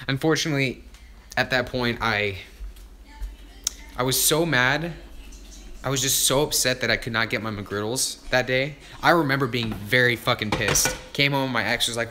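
A man's voice: medium pitch, normal speed, pushed and bright, a little hiss or hum. A man hosting a casual livestream, joking and mocking himself with lots of swearing while he cooks. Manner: profane, joking, self-mocking.

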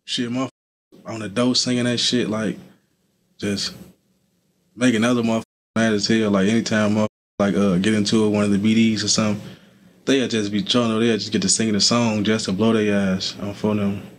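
A young adult man, appearing as a guest in a casual street interview, speaks in a fairly low, flat voice at a slightly quick clip. He's laid-back and loose, scattering fillers like "you feel me" throughout, and there's a faint hiss or hum on the recording.

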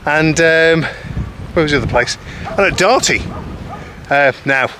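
A man's voice: on the high side, a little slow. Chatty man vlogging outdoors. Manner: chatty, self-deprecating, lots of ums. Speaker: expat vlogger. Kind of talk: casual rambling chat to camera. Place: outdoors in a village. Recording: outdoor noise with passing traffic.

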